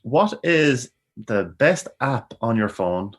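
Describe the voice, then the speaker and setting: A male podcast host asking short, upbeat rapid-fire questions. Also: medium pitch, very animated.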